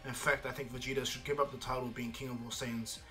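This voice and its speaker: A cocky male alien warrior who talks down his rivals with easy boasting, as a man puts him on. The voice sits a touch lower and quieter than the narration but stays bright. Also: flat delivery, fast, natural voice.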